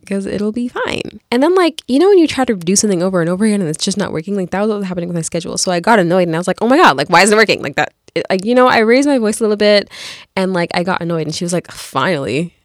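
A woman's voice: mid-range voice, very fast, dry recording, clean studio sound. A young adult woman, telling a personal story to camera in a chatty, casual way full of "like". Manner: chatty, peppered with "like", swings between calm and animated. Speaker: vlogger.

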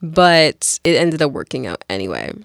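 Young girl just chatting to camera, kinda low voice, lots of "like", super dry close sound. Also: normal speed, vocal fry, no room sound. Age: young adult. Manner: chatty, peppered with "like", swings between calm and animated. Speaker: vlogger. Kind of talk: casual storytelling to camera.

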